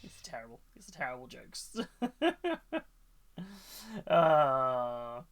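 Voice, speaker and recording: A man's voice: mid-range voice, very slow, a bit bright, clear, resonant tone, soft background music. A man chatting casually on a live stream, rambling, reading out chat and telling corny jokes.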